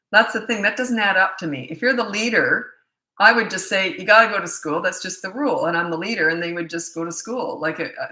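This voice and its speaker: A woman's voice: mid-range voice, sharp tone, reverberant. A middle-aged woman, a parenting coach, answering viewer questions in a chatty, blunt way with self-deprecating asides. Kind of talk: casual live Q&A.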